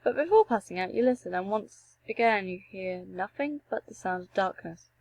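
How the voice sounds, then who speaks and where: A young woman reading a text adventure game aloud and breaking off for joking, animated asides and the odd swear. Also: medium pitch, normal speed, poor audio. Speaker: gameplay streamer.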